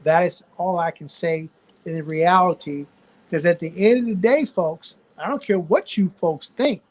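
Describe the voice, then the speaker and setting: A man's voice: sits high, measured pace. An older man with a Louisiana Southern accent, a physician guest speaking in a folksy, preachy way and addressing listeners as folks. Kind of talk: live-stream discussion.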